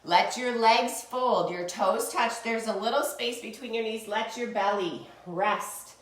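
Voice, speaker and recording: A woman with a fairly high voice leads a children's yoga class, reading a picture book aloud and guiding poses in a playful, encouraging, animated storytelling style. She speaks unhurriedly and sits far from the mic, filmed indoors while doing the poses in an echoey room.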